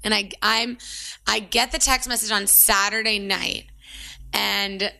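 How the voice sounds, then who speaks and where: Young woman in her 20s, lots of fry, chatty story, says "like" constantly. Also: medium pitch, unhurried. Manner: animated storyteller, acts out quotes, says "like" often. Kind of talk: casual chat, storytelling.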